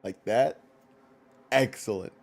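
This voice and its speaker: A man's voice: lowish voice, takes it slowly. A man giving casual, jokey commentary while streaming a game, laughing often and chatting with his viewers.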